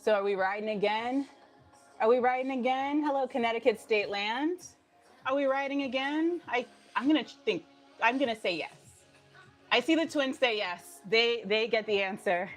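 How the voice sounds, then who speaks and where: On a live stream, a woman fitness instructor chats casually with viewers, upbeat, laughing often, and a little out of breath. Her voice is a little high, and faint music plays in the background.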